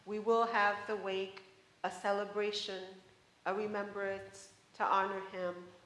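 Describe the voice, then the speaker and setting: A woman's voice: medium pitch, flat delivery, a little slow, fairly bright tone, roomy sound, natural voice. A woman voicing a grieving, stubborn young daughter who speaks in a pleading, determined way.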